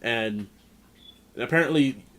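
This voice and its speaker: A man's voice: mid-range voice, slow pace, a bit bright. A man co-hosting a podcast, casually telling a rambling work story with frequent restarts and plenty of swearing. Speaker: podcast co-host. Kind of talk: casual chat.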